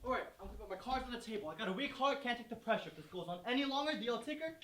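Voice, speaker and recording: An actress playing a brash, blunt, fast-talking wisecracker on a school stage. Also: female voice, on the high side, animated, a bit bright, distant mic. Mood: exasperated. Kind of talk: stage musical acting. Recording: echoey stage sound from afar, clear noise.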